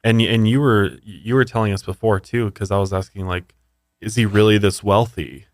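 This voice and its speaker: Deep-voiced man host, halting and thoughtful. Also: steady tone, dry recording, clean studio sound. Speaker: podcast co-host. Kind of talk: casual interview conversation.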